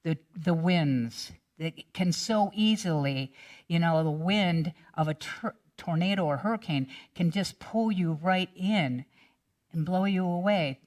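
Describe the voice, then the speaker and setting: Slow-talking woman minister telling a story. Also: fairly low pitch, a little mellow. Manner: casual, chatty storytelling with restarts. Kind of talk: sermon storytelling.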